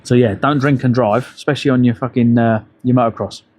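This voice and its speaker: A man's voice: medium pitch, fairly even intonation, quick pace, a little mellow. A middle-aged man, telling rambling, profane stories to his live-stream chat while out on a bike ride. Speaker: livestreamer.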